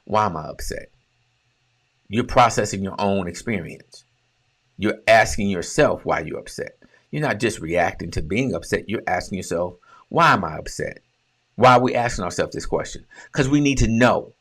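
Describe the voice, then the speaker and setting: A man's voice: lowish voice, expressive, normal speed, fairly bright tone, breathy edge. A man giving an emphatic, conversational talk on relationships as a coach, asking and answering his own questions. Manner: conversational, with colloquial phrasing.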